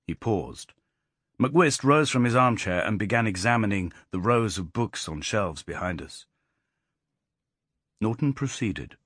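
Husky male audiobook narrator. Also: fairly low pitch, a little slow, pauses often, dry recording, clean studio sound. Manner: expressive storytelling, voicing characters in dialogue. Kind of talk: storytelling narration.

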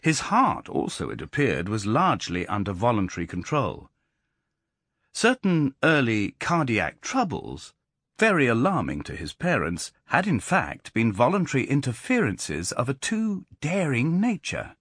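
Man, audiobook narration, measured and expressive, lively intonation, dry studio sound. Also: medium pitch, breathy edge, no echo.

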